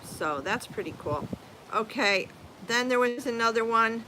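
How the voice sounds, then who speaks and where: An older woman hosting a casual outdoor live stream, chatting away in a bright, clear-toned voice. She reads comments and spells out names letter by letter. Faint outdoor noise and a light breeze sit behind her. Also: fairly high pitch, animated, unhurried, poor audio. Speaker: channel host reading viewer comments.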